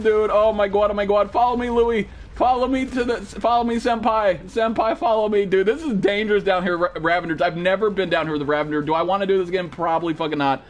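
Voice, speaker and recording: A man streaming a survival game live, cursing and yelling to his chat and teammates for help, then reading out donations. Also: high voice, fairly even intonation, fast. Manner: panicky, profane, yelling for help. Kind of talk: live gameplay commentary.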